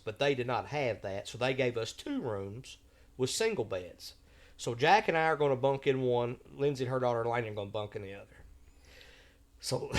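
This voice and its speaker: A man telling a travel story on a podcast in a folksy, drawling way, acting out the voices he quotes. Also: mid-range voice. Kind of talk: casual storytelling.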